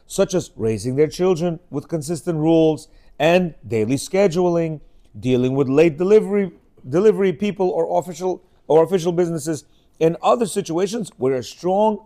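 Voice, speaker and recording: Middle-aged male host, higher voice, lively and animated, rambling storyteller who acts out quotes. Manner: animated, rambling, frequent restarts and acted quotes. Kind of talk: casual storytelling commentary.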